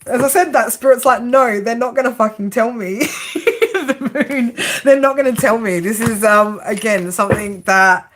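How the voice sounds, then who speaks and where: A woman's voice: a little high, moderate pace, fairly bright tone, slight background noise. A woman with an Australian accent giving a casual, chatty live tarot reading, laughing often and swearing freely. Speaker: tarot reader.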